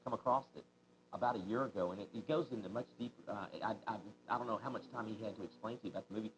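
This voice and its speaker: A man's voice: lowish voice, very fast, fairly bright tone, slight background noise. A man co-hosting a shopping channel, reading viewer mail and chatting easily, with many fillers. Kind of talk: casual on-air chat. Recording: dull lo-fi TV broadcast audio.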